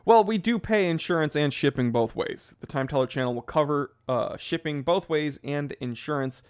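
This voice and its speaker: Casual American male streamer, slightly higher voice, chatty, breaks into goofy impressions. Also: moderate pace, clear, resonant tone. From United States. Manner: chatty and animated, jumps into goofy impressions of people. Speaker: watch channel host reading live chat. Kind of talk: casual livestream chat.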